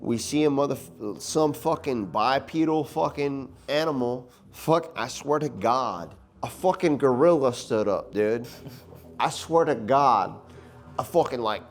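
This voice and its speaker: A man's voice: medium pitch, expressive, measured pace. A man in his thirties, a rowdy guest telling profane stories in casual chat. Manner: rowdy, profane, laughing storyteller.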